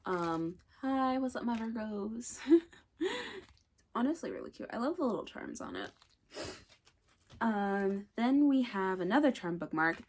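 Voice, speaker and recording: A young woman chatting excitedly in a casual vlog, gushing, gasping and dropping into whispers. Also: mid-range voice. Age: young adult. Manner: gushing, excitable, repeats herself, gasps and whispers. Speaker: booktuber.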